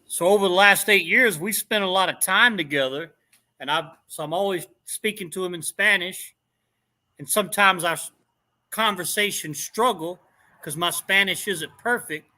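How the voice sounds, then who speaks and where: A man's voice: high voice, normal speed. A middle-aged man telling stories in a casual chat, laughing often as he talks. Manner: laughs often, animated storyteller. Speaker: guest in a chat.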